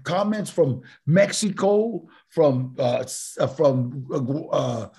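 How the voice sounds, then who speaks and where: An older man with a gravelly, husky voice sits down as a podcast guest. His speech is pitched a bit high and full of laughs, fillers and restarts as he spins his stories. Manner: animated, laughing, halting with many fillers. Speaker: guest actor. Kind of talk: casual storytelling.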